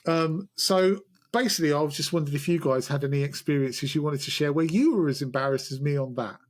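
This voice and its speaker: A man hosting a podcast, telling a self-mocking story in a casual, animated way. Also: a little high, quick pace. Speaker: podcast host. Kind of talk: casual chat.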